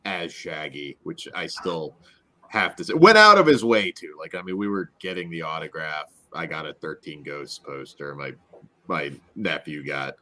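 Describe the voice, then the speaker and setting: Lively deep-voiced male podcast host. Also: normal speed. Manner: animated, reads synopsis, frequent laughs. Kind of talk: casual review chat.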